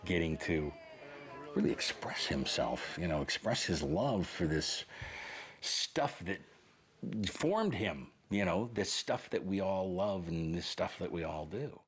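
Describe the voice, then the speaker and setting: A man's voice: deep voice, expressive, takes it slowly. A man giving a documentary interview, speaking in an affectionate, rambling way.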